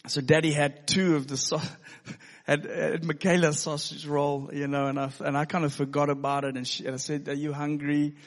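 A pastor telling a personal story in a sermon, earnest and given to laughing. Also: male voice, on the high side, flat delivery, normal speed. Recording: long hall reverb.

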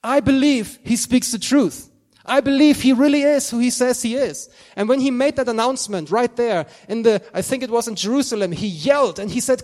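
A male preacher delivers a sermon in church with a notably high-pitched voice. He talks earnestly and builds to fervent, emphatic proclaiming. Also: expressive, brisk.

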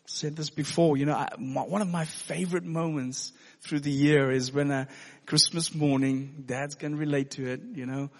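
A pastor telling a personal story in a sermon, earnest and given to laughing. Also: male voice, on the high side, steady tone, moderate pace. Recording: long hall reverb.

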